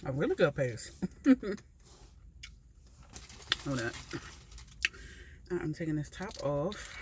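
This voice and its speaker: Woman, southern drawl, unhurried delivery, chatty mukbang vlogger, in a car, noisy park sounds behind. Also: low-pitched. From Philadelphia. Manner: chatty, slow and relaxed, talking between bites. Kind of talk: casual chat while eating.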